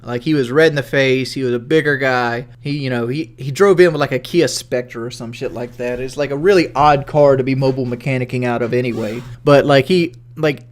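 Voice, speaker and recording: A man's voice: medium pitch, fairly quick, hardly any pauses. A man with a Southern accent, livestreaming in a rambling, profane, casual way and reading questions from chat. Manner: rambling and profane, many "like" fillers.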